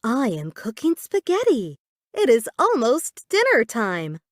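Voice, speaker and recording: A woman voicing a kind, patient mother in a children's storybook, speaking gently and evenly. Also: a little high, wildly swooping pitch, a little slow, dry recording, clean studio sound. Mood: gentle.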